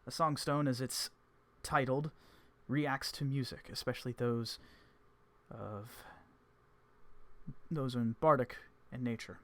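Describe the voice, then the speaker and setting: A man voicing a calm, scholarly male mage who speaks in a measured, formal way. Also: medium pitch.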